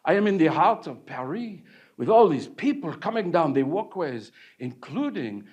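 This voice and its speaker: A man performing a playful, theatrical French painter who recounts his youth with animated glee and teases the crowd. His voice sits high and swings widely, full of bounce and drama. It is a live one-man stage show in a hall. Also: moderate pace. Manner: animated, joking with the audience. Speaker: actor portraying a painter. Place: village hall, live audience.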